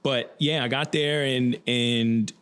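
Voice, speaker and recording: A man's voice: medium pitch, fairly even intonation, slow, a bit bright, clean tone. A man, a podcast guest telling a long personal story in casual conversation and acting out the dialogue. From United States.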